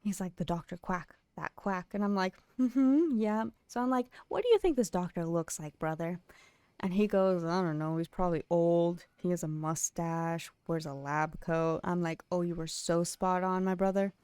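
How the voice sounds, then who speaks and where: A woman's voice: lowish voice, normal speed, mellow, clear, resonant tone, dry recording. A young woman streamer chatting casually and giggling as she tells stories while gaming.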